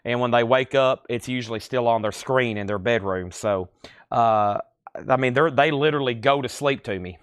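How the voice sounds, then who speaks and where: A man with a lilting Tennessee accent hosting a live-stream record sale, reading titles, conditions and prices in a steady, easy patter. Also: mid-range voice, moderate pace, clear, resonant tone, no echo, clean studio sound. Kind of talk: live-stream auction selling.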